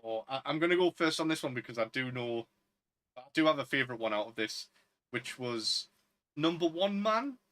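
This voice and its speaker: A man's voice: mid-range voice, animated, normal speed, a bit bright. A man, co-hosting a casual film chat in a chatty, opinionated way. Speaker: podcast co-host.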